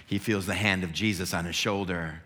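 A man's voice: low-pitched, steady tone, normal speed, bright, forceful tone, long reverb tail. A man preaching a sermon, retelling a scene in vivid, dramatic detail. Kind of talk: sermon storytelling.

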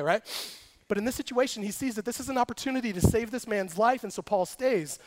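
A young man preaching a casual, lively sermon, joking and acting out quotes as he tells a story. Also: extremely high pitch. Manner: animated, jokey storytelling with acted quotes. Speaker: pastor.

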